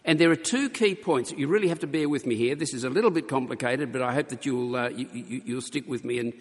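A man preaching a sermon to his congregation, earnest and emphatic, slowing for weight and stumbling over restarts now and then. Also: mid-range voice. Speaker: pastor. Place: church. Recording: long hall reverb.

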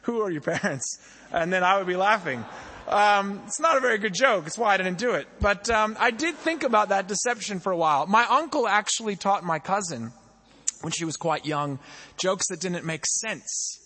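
High-voiced, husky young pastor preaching. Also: male voice, lively intonation, moderate pace, pushed and bright, in a large hall. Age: young adult. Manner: conversational, asks the congregation questions. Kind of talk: sermon.

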